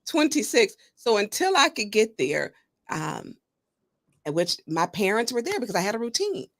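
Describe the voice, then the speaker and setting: A woman hosting a talk show, chatting casually with a guest and telling stories in an animated way. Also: medium pitch, normal speed, no room sound, studio quality. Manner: storytelling, animated, laughs while talking. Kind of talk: casual interview chat.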